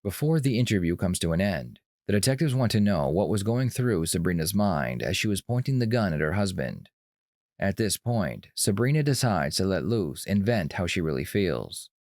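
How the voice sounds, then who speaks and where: A deep-voiced male narrator with a lively, rising and falling delivery, reading documentary narration. The sound is dry and close. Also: moderate pace, dry recording. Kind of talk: scripted narration.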